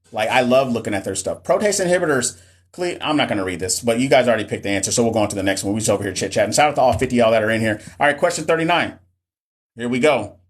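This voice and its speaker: Give me a talkative man hosting a phone live stream, mid pitch. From Southern US. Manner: chatty, reads viewer comments, many restarts and fillers. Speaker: live stream host, nursing tutor. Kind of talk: casual live stream chat.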